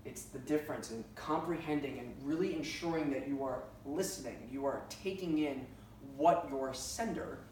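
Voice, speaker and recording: A man's voice: mid-range voice, normal speed, a little mellow. A man teaching a class for emergency dispatchers, talking casually with lots of fillers and stories. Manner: conversational, uses many fillers and personal anecdotes. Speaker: trainer for 9-1-1 dispatchers. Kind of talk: classroom lecture. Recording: very echoey room, distant mic, faint hiss.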